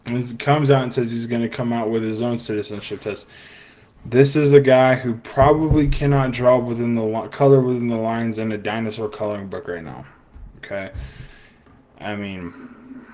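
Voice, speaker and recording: A man's voice: mid-range voice, steady tone, moderate pace, a little mellow. A man hosting a casual podcast, giving a sarcastic, opinionated monologue with lots of fillers and restarts. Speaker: podcast host. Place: live stream broadcast.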